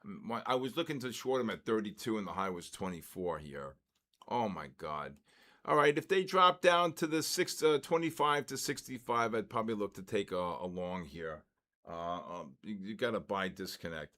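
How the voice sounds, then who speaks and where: Animated older New man. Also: fairly low pitch, moderate pace. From the Bronx, New York. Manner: animated, greets viewers, riffs between market calls. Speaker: trading stream host. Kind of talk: casual live-stream chat.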